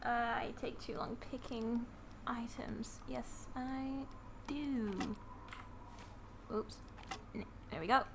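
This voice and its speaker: A woman's voice: fairly high pitch, steady tone, takes it slowly, vocal fry, pauses often, noisy background. A woman casually commenting while she plays a video game, giggling often and muttering flustered, self-mocking remarks to herself. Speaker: gamer playing and commenting. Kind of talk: casual let's-play commentary.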